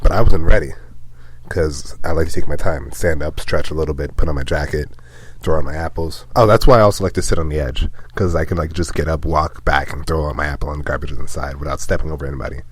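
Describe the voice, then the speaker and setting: A man's voice: rumbling low, fairly even intonation, fast talker, breathy edge, no room sound. A young man on a casual podcast, telling a rambling story with frequent laughs and acted-out quotes. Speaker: podcast co-host.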